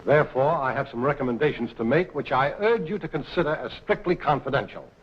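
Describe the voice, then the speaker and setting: An impassioned anti-Nazi publisher. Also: male voice, medium pitch, lively intonation, fast, breathy edge. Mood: urgent. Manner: impassioned, oratorical. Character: impassioned anti-Nazi newspaper publisher, middle-aged man. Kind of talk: 1940s film acting. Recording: dull lo-fi 1940s film sound.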